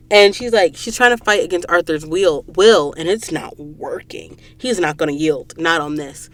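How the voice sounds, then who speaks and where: A woman hosting a podcast and recapping a book in a casual, animated way, acting out the characters' lines while sniffling from allergies. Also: fairly low pitch, normal speed, few pauses. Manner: animated storyteller, acts out quoted lines. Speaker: podcast host. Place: recording booth.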